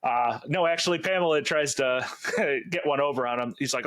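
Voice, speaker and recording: A man co-hosting a podcast, recapping scenes in casual chat, laughing often and acting out lines. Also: medium pitch. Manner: animated, acts out lines in quick voices. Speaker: podcast co-host.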